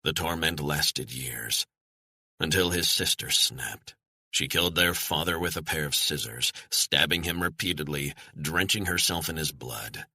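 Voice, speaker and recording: A man narrating a thriller audiobook in a measured, steady storytelling manner, on a close studio mic. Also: rumbling low, breathy edge, no echo.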